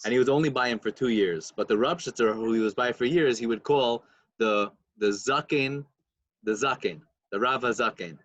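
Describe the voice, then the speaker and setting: A man's voice: mid-range voice, moderate pace, fairly bright tone, dry recording, muffled recording. A man co-hosting a podcast, retelling stories in casual chat and mixing in Hebrew and Yiddish terms. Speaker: podcast co-host.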